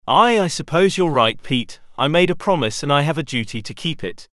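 A man puts on a gruff, solemn male animal pirate captain, stern but quietly protective. His voice rises and falls with lively pitch, and the storybook recording sounds close and dry. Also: fairly quick, no echo. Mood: resolute.

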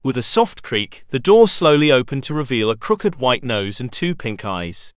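A man reading a children's storybook aloud in an expressive way. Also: medium pitch, normal speed, smooth, no room sound, clean studio sound. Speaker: narrator. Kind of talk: storybook narration.

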